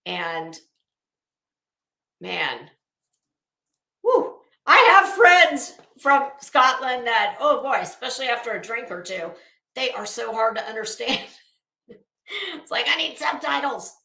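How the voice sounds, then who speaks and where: Sassy high-voiced woman, slow and echoey. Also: expressive, creaky, pushed and bright. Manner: chatty, sassy, addresses people directly with asides and laughs. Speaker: commentary streamer. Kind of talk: casual commentary chat.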